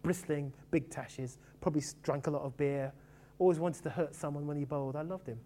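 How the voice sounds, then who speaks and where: A middle-aged man who grew up in England, telling stories about his sporting heroes in a lively, casual way. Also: fairly high pitch. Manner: animated, quick storytelling with fond asides. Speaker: author reflecting on cricket. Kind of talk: casual reminiscing talk.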